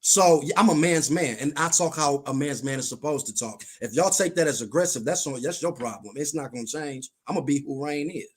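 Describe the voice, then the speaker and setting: A man's voice: on the high side, brisk, few pauses, breathy edge. A man guesting on a live stream, arguing bluntly and insistently, repeating his points. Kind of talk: heated live-stream debate.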